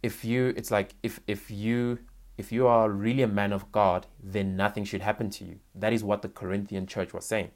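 A man's voice: fairly low pitch, little pitch movement, normal speed. A man preaching a sermon, explaining scripture conversationally, reading passages aloud and often checking in with "right?". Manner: reads scripture aloud with emphasis.

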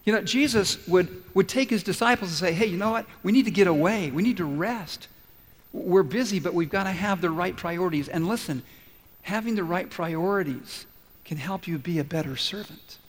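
A man's voice: high-pitched, normal speed, in a large hall. A man preaching a sermon as pastor, telling a Bible story animatedly and acting out its dialogue. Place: large church hall.

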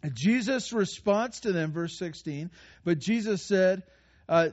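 A man preaching a sermon in a conversational, animated way, with playful asides and frequent restarts. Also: high-pitched, a little slow, muffled recording. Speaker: pastor.

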